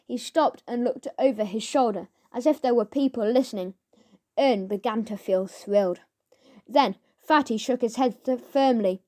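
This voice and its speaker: A woman narrating a children's audiobook in a measured storytelling manner. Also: fairly high pitch, warm tone.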